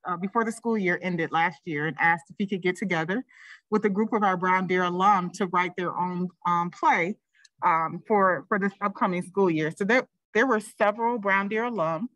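A woman's voice: mid-range voice, no room sound. Brief: woman presenting school news on a video call, dry room. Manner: warm, appreciative, with frequent fillers. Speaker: school district administrator presenting. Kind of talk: virtual board meeting remarks.

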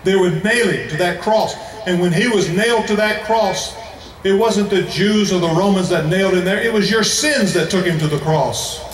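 An American man delivers an emphatic evangelistic sermon and slows down on the phrases he wants to stress. His voice sits fairly high for a man. The sound is echoey, as if picked up from a distance in a big hall. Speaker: evangelist preacher. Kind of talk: evangelistic sermon to a large crowd. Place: large indoor event venue.

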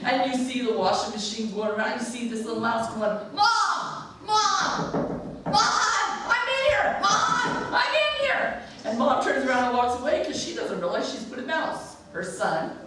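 Woman pastor, funny story-driven sermon, fairly high voice, recorded far off in a reverberant church. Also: slight background noise. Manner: humorous animated storytelling. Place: church sanctuary. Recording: echoey church from a distance.

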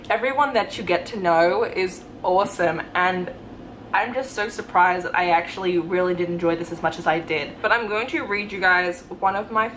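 A young woman talking casually in a reading vlog at home, excited and rambling, gushing with lots of fillers. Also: on the low side, slight background noise, poor audio. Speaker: book vlogger.

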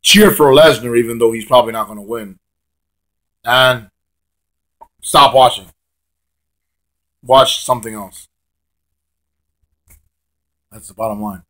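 A hoarse young man rants bluntly as a wrestling fan vlogger, stammering and repeating words, with some swearing. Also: mid-range voice, takes it slowly, pauses often, fairly bright tone. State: hoarse, lost his voice. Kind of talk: casual ranting monologue.

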